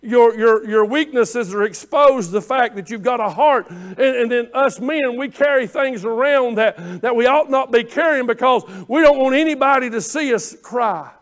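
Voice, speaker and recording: A man with a very high voice preaching a fervent sermon. He moves from hushed, tender pleading to loud shouts, doubling back on words as the feeling builds. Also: moderate pace, few pauses. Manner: impassioned preaching, swings from quiet to shouting; repeats words and restarts phrases. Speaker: pastor.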